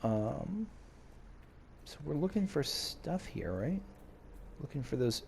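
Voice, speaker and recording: A man playing a video game and casually thinking out loud, now and then reading in-game notes aloud. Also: a little high, expressive, takes it slowly, gravelly, slight background noise. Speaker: game streamer. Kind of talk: casual let's-play commentary.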